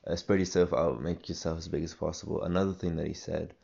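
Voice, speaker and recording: Young male podcast host, rambling and halting, deep fry-heavy voice, slightly dull recording. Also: fairly even intonation, darkish tone. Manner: rambling, halting, many restarts and fillers. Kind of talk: solo casual podcast monologue.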